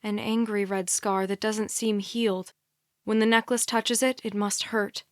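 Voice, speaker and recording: A woman narrating a young adult thriller audiobook in a quiet, measured first-person reading. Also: medium pitch, level tone, no echo, studio quality. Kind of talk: scripted narration.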